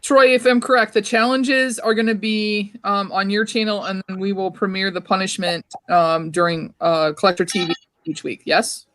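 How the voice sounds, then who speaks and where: A woman's voice: medium pitch, level tone, moderate pace, a bit bright, no echo. Chatty woman hosting a stream. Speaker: host. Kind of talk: casual chat on a livestream. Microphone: computer on her lap.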